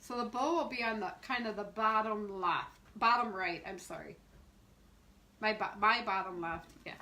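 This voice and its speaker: A woman's voice: mid-range voice, normal speed, sharp tone, slight background noise, rough recording. A middle-aged woman and shop owner demonstrating wreath making on a live stream, chatting, laughing and greeting viewers by name as she works.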